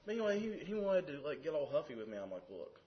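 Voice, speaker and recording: On a casual podcast, a man who works as a card game judge tells stories and explains the rules. His fairly high voice swings widely in pitch and comes out rapid-fire, over dull lo-fi audio.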